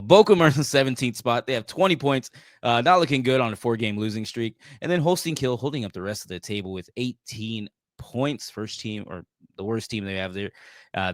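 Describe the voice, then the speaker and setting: A man's voice: on the low side, fairly bright tone, dry recording, clean studio sound. An American man co-hosting a soccer podcast, jokey and giggly, often tripping over his words. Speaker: podcast co-host. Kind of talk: casual soccer podcast chat.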